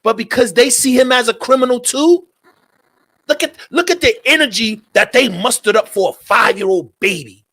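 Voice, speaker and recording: A man's voice: extremely high pitch, moderate pace, fairly bright tone. A man hosting a talk radio show, speaking in a heated, profane commentary and repeating his points.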